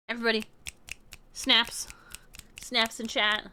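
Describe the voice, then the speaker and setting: A woman livestreamer telling a story in casual chat with her viewers, excitable and laughing often. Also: medium pitch, measured pace, clean tone. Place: room at home, alone.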